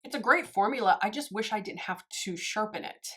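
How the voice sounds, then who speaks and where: A woman chats through a makeup tutorial as a beauty vlogger. She gushes freely and talks straight to her viewers in a relaxed, casual way. Her voice sits at an ordinary middle pitch. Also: fairly quick, slight background noise.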